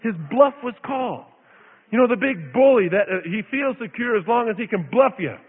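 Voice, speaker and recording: A man from Idaho preaching a sermon, telling a story in an animated, dramatic way with lots of repetition. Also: extremely high pitch, a little fast, husky, big-room sound, narrow, tinny audio. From Idaho, USA.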